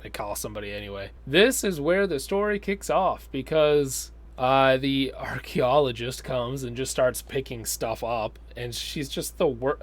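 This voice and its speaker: A man's voice: mid-range voice, measured pace, hardly any pauses. A man giving a casual, sardonic film review, rambling with frequent fillers.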